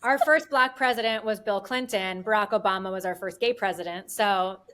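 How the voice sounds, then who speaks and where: A woman's voice: mid-range voice, moderate pace, fairly bright tone. A woman co-hosting a podcast, chatting casually about politics with a sarcastic, rambling manner. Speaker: podcast co-host.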